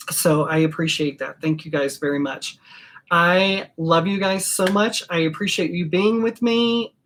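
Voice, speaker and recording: A woman with a low voice speaks slowly and unhurriedly as she closes out her live stream. She talks from the heart and pauses often, filling the gaps with ums. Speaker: host of a perfumery channel. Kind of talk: casual live-stream sign-off.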